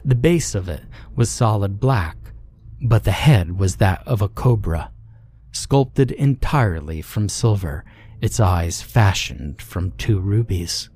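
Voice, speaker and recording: A man narrating a scary story in a measured, steady delivery. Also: lowish voice, breathy edge. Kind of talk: scripted horror story narration.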